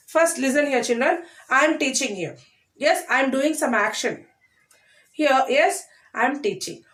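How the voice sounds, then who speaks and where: High-voiced woman teacher. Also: far from the mic. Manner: repetitive, asks and answers her own questions. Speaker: primary school English teacher. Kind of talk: classroom grammar lesson.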